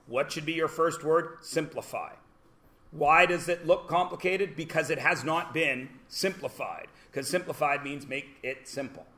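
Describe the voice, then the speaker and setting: Canadian male math teacher, slightly high voice, chatty question-and-answer classroom patter. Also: normal speed, pushed and bright.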